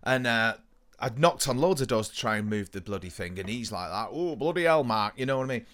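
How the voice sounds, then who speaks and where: A man telling stories in a casual podcast chat, animated and sweary. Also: lowish voice, fairly quick. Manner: animated storytelling with lively swearing. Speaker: podcast co-host.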